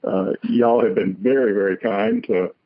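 A man with a Southern US accent calling in to a radio show, courteous and playful in a slow drawl. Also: fairly low pitch, no echo, lo-fi sound. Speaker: caller, the host's husband. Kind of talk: casual phone call into a radio show.

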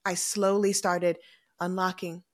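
A woman's voice: on the low side, little pitch movement, a little slow. Earnest woman in heartfelt podcast chat. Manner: earnest, reflective, emotional. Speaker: podcast co-host.

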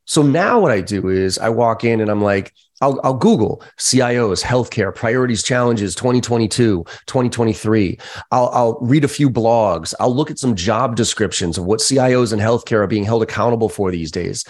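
Animated, profane man telling stories. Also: medium pitch, moderate pace. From United States. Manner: animated storyteller, casual and profane, acts out quoted voices. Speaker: podcast guest, sales trainer. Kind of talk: casual podcast conversation.

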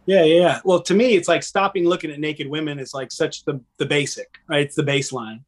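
Guest spot: middle-aged man, raised pitch, earnest and animated, conversational. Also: fairly quick. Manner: earnest, animated storytelling with frequent "right?". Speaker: podcast guest, former pastor. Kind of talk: candid conversational interview.

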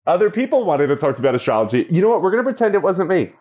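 A man from Long Island with a New York accent, an astrologer guest talking in a playful, quick-witted way. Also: high-pitched, very animated, a little mellow. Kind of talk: casual interview chat.

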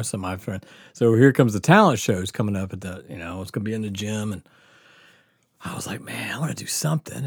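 A man's voice: lowish voice, breathy edge, no echo, studio quality. A middle-aged man hosting a podcast, telling a rambling, profane story in a casual way and laughing as he goes. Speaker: podcast host.

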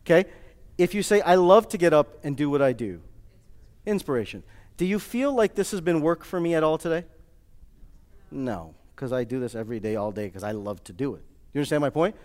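A man giving a lively motivational talk to a live audience, joking and quizzing the crowd. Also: on the high side, a little fast. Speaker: speaker addressing a live audience. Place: large hall with an audience. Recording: long hall reverb.

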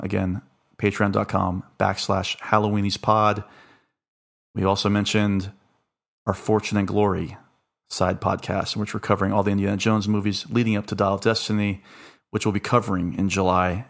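Male podcast host, low, gravelly, hoarse from a long session; loose, rambling chat. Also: flat delivery, normal speed. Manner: rambling, signing off with thanks and plugs. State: hoarse, losing his voice.

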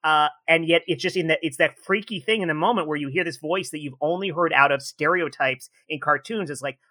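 A man's voice: a little high, a little fast, sharp tone. A man hosting a podcast in casual chat, talking enthusiastically with emphatic exclamations. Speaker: podcast host.

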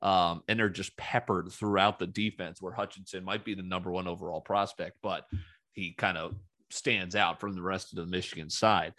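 Male sports talk host, low voice, dry close sound, rambling, opinionated, sarcastic. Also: fairly even intonation, normal speed, bright, forceful tone, dry recording. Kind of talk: casual solo sports commentary.

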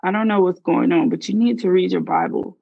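A woman reading out her aunt's soft, concerned questions and advice in a storytelling reading. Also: lowish voice, brisk, creaky, no room sound, narrow, tinny audio. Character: gentle concerned aunt, middle-aged woman.

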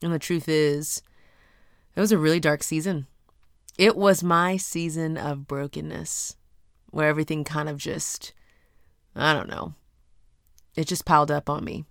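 A woman hosting a podcast, speaking. She tells her story in a dramatic, animated way, full of casual slang. Her voice sits fairly low and sounds close and dry, with no room sound. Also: a little slow, creaky, long pauses, no echo. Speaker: podcast host.

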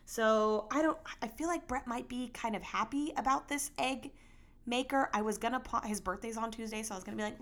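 A young adult woman hosting her own podcast, chatting casually and rambling with animated bursts of emphasis. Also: on the high side, fairly quick. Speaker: podcast host. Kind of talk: casual solo podcast chat.

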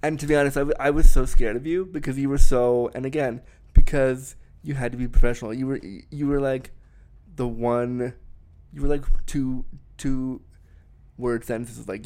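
A young man talking openly in a relaxed conversation. His voice sits in a medium pitch, and he often laughs and restarts his sentences. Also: normal speed, clean tone. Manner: frank, laughing, many restarts and "like". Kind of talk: candid conversation.

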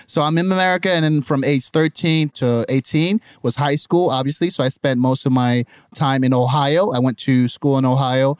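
A young adult man from Nigeria with a Nigerian accent, telling his life story in a lively, conversational way as a podcast guest. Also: brisk, few pauses, no room sound, studio quality. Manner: animated, jumps into high mimicking voices when quoting others.

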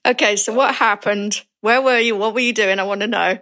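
A woman's voice: mid-range voice, steady tone, a little fast, fairly bright tone. Teasing woman co-host asking questions. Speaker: podcast co-host, ex-police officer. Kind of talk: conversational interview.

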